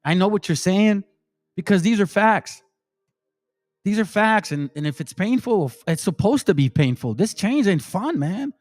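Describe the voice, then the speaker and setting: High-pitched and a little mellow, this adult man speaks at a moderate pace with lively intonation. During his livestream he preaches emotionally to viewers as a religious commentator, leaning heavily on slang such as "bro" and "man."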